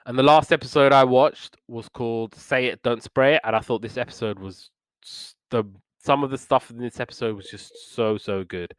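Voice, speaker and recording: A man with a smooth, clear voice recaps old cartoons in a loose, rambling way, full of fillers and false starts. He sits at a middle pitch, and his sound is dry and close, with no room around it. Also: moderate pace, no echo. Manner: rambling retelling with many fillers and restarts. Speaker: podcast host reviewing old cartoons. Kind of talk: casual review chat.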